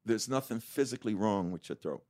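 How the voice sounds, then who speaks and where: A man putting on the voice of a grave male doctor delivering bad news in a low, hushed tone. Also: animated, fairly quick. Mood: solemn.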